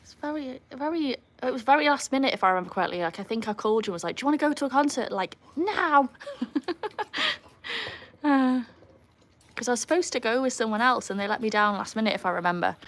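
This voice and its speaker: A woman's voice: on the high side, animated, fast talker, long pauses. A young woman from England and Wales chatting casually with viewers on a live stream from beside a home pool. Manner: chatty, answers viewers, cheers loud woohoos at the dog. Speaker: livestream host with her dogs. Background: pool pump and faint outdoor ambience.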